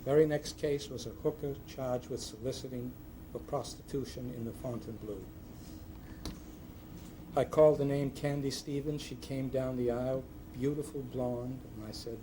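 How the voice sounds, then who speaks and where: An older man speaks at a ceremony, his voice sitting at an ordinary middle pitch. He tells courtroom stories with deadpan timing. The hall recording carries a steady layer of noise. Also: moderate pace. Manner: dry storytelling with punchline timing. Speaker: retired judge giving a speech. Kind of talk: humorous anecdotes at a ceremony. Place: ceremony hall with a live audience.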